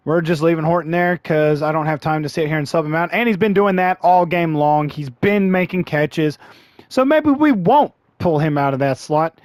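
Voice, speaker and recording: A man who hosts a gaming channel gives live commentary on his own football video game in a fairly high voice, clearly frustrated and sighing between plays. His voice is wearing thin and he's losing it from talking so long. The recording is close and dry.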